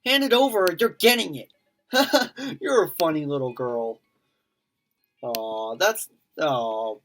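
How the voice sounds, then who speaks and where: A low, animated, fairly bright female voice carries this let's play of a visual novel, with faint music behind. The gaming YouTuber acts out the characters in different voices, breaks off to comment, and reacts quickly with laughter.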